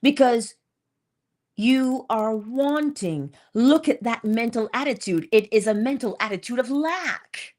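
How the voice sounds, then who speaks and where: A woman's voice: on the high side, a little slow, darkish tone. A woman hosting an inspirational morning talk, casual and emphatic, repeating key phrases and laughing between points. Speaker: host.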